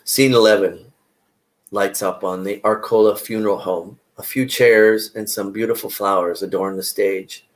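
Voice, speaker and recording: A man's voice: on the low side, steady tone, normal speed, poor audio. A man, the playwright, reading the stage directions of his own play in a plain, matter-of-fact way.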